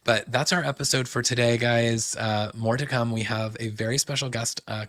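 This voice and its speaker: A man's voice: mid-range voice, fairly bright tone, no echo, clean studio sound. A young man hosting a podcast, chatting casually with lots of fillers as he recaps shows. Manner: chatty, fillers like "like" and "um", quotes people. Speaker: podcast host.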